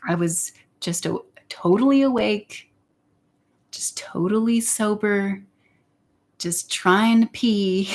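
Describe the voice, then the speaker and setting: A woman's voice: medium pitch, unhurried. A young woman chatting candidly on her livestream, rambling and sometimes dropping into a whisper. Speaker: YouTuber. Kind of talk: casual livestream chat.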